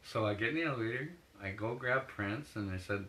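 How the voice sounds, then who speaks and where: A man's voice: lowish voice, fairly quick, bright, forceful tone, a little hiss or hum, poor audio. A man being interviewed as a photographer, telling long rambling anecdotes with laughs and acted-out quotes. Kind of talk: casual storytelling in an interview.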